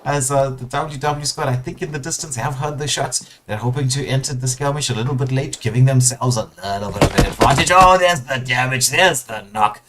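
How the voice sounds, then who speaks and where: A man casts an online shooter tournament live, talking through the fights with plenty of fillers and sudden jumps in excitement at big plays. His voice sits in a middle register. Steady noise runs clearly under the whole recording. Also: mid-range voice, brisk, few pauses. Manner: excitable play-by-play with frequent fillers and bursts of excitement. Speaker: esports caster. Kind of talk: live game commentary.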